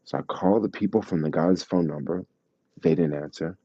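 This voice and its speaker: Deep husky-voiced man telling travel stories. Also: moderate pace, no room sound, lo-fi sound. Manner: animated, acts out quoted voices, laughs, slangy. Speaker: vlogger telling travel stories to live chat. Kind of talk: casual storytelling chat.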